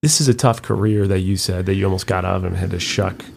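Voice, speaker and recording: A man hosts a podcast and asks his guest long, measured questions. His voice is very deep with a gravelly edge. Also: fairly even intonation. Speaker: podcast host. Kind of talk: interview questions.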